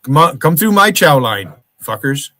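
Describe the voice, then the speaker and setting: Man, livestream host, angry profane rant, higher-pitched voice, dry close sound. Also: big pitch swings, moderate pace, bright, forceful tone, no echo. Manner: profane, confrontational, calls out viewers by name.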